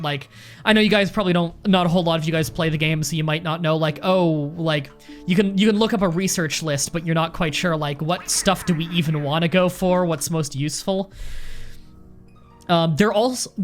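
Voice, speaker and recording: A let's play host with a slightly high voice gives casual commentary, chatty and rambling as he thinks out loud.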